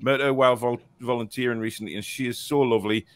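Speaking quickly in a mid-range voice with fairly even intonation, a man hosts a relaxed live fan podcast. He chats and laughs as he reads viewer comments, often using fillers and restarting his sentences.

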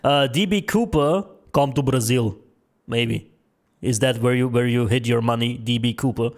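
A male streamer chatting casually as he reads donations aloud, joking and swearing freely. His voice has a medium pitch and sounds worn from an hour of talking. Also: normal speed. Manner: loose, joking, profane banter. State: strained, tiring voice. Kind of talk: casual live-stream chat.

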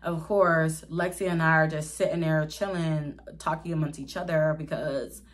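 A woman's voice: low-pitched, steady tone, normal speed. A young woman vlogger telling a story from her childhood to viewers, chatty and candid, often calling them y'all and adding slang. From Pittsburgh area, USA. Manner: candid, dramatic retelling with slang. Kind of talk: casual storytime.

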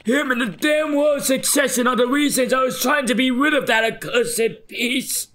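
A man voicing an old male master tattooist in a slow, gravelly grandpa voice while reading game dialogue. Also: very high-pitched, bright, forceful tone.

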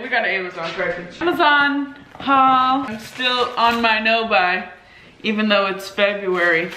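A woman's voice: mid-range voice, pushed and bright, a little hiss or hum. A woman in her twenties chatting casually as a vlogger, full of fillers and swearing freely, talking into a handheld camera. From California. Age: 20s. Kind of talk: casual vlog chat.

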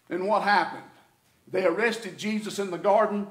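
A man with a Southern US accent preaching a sermon as pastor, folksy and swinging between loud and quiet. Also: high-pitched, steady tone, normal speed. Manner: folksy preaching, rising and falling in intensity. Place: church sanctuary. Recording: echoey church room.

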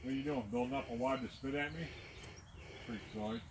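A man's voice: medium pitch, fairly even intonation, brisk. A man vlogging outdoors at an animal attraction, chatting and pointing things out. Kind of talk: casual chat. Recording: loud outdoor noise.

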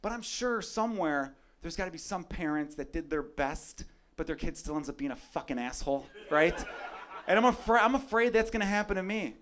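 A young adult man doing a stand-up comedy set, ranting loudly toward his punchlines while the audience laughs. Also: on the high side, lively intonation, fairly quick. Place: comedy club stage. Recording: live club recording with crowd noise.

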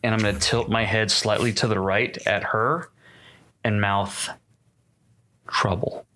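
A man's voice: lowish voice, level tone, normal speed, pushed and bright. A man playing a tabletop game, describing his character's moves step by step in casual talk. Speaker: player.

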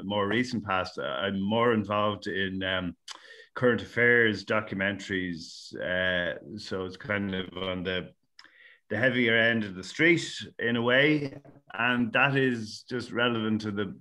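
A man's voice: fairly low pitch, bright, forceful tone. A man with a Cavan Irish accent, a film director answering questions on a video call, hesitant with many ums and restarts.

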